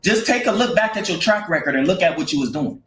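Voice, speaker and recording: Blunt scolding man, high lively voice. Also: fast. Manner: scolding, blunt, street slang. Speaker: online commentator. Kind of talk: blunt commentary. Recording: echoey room with faint music.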